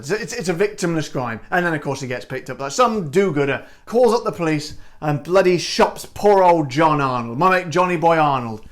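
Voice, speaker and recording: A British man riffing through a comic vlog monologue, cheeky and chatty with a bit of swearing. His voice sits a touch high and leaps around all over the place as he jokes. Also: lively intonation, moderate pace, hardly any pauses, a bit bright. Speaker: comedy vlog host.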